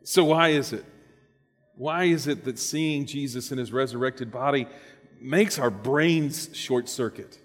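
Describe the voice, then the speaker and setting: A man's voice: mid-range voice, measured pace, faint music behind. Man preaching in a reverberant hall. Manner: conversational, dynamic preaching with rhetorical questions and humor. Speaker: pastor. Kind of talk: sermon.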